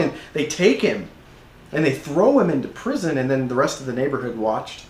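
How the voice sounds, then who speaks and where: Male pastor preaching in a church, lively storyteller, mid pitch, echoey room. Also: moderate pace. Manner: storytelling, acting out scenes, frequent restarts. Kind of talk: sermon.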